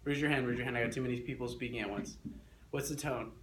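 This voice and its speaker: Young male teacher, mid-pitched, energetic and coaxing, echoey room. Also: fast. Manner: energetic, coaxing, repeats instructions. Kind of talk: classroom lesson. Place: classroom. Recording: echoey classroom with faint noise.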